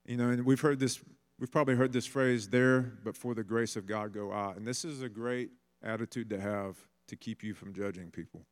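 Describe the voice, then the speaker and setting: A man's voice: fairly low pitch, steady tone, a little fast. Conversational male preacher. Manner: conversational storytelling, acts out voices. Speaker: pastor. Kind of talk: sermon.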